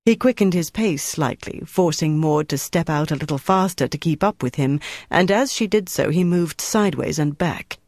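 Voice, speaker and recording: An audiobook narrator reading a novel in a steady, measured storytelling manner. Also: mid-range voice, no echo, clean studio sound. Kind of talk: scripted narration.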